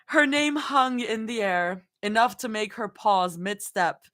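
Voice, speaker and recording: A woman's voice: fairly high pitch, lively intonation, measured pace, hardly any pauses, fairly bright tone. A young woman reading fanfiction aloud on a livestream, often breaking into giggles and chatting with viewers. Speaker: fanfiction reader and streamer. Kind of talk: live reading with reactions.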